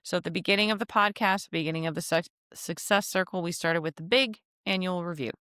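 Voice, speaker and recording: A woman's voice: on the low side, brisk, pushed and bright, smooth, no room sound, clean studio sound. A woman hosting her own podcast, talking in a rambling, chatty, self-deprecating way, her voice nasal and stuffy from allergies. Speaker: podcast host. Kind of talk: casual solo podcast monologue.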